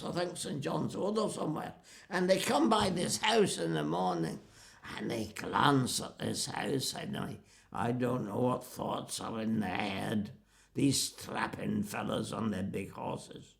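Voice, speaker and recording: An older man playing a fussy, eccentric neighbour who talks in a solemn, drawn-out way. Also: medium pitch, lively intonation, vocal fry. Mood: musing.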